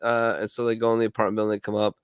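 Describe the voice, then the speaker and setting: A veteran show regular, this man speaks in a lowish, clear, resonant voice, racing along with a completely flat delivery, captured by a dry close mic. He swears freely and laughs loudly while rambling through bar stories in casual banter.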